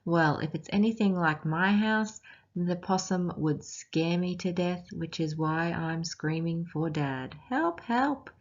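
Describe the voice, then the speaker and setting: An Australian woman reads a picture book aloud at an unhurried pace, stopping to ask the children questions. Her voice sits a little low, and she reads it with expression. The recording is muffled and lo-fi. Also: steady tone. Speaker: teacher.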